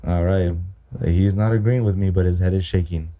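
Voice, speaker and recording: A man's voice: sits low, steady tone, moderate pace, mellow. A man co-hosting a casual podcast chat, joking crudely and swearing often. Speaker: podcast co-host.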